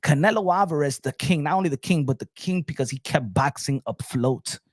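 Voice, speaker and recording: A man's voice: a little high, fairly quick, dry recording, studio quality. A man hosting a boxing talk show, ranting emphatically and switching between English and Spanish. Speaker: boxing channel host. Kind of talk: animated rant.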